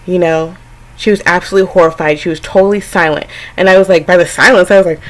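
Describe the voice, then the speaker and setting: A young adult woman speaks to camera in a slightly low voice, telling her own story in a loose, rambling way. She is frank and chatty, scatters fillers through every sentence, and slips into quoted voices of her younger self and her parents. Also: fairly even intonation, quick pace, rough recording. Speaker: vlogger. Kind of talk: casual personal storytelling to camera.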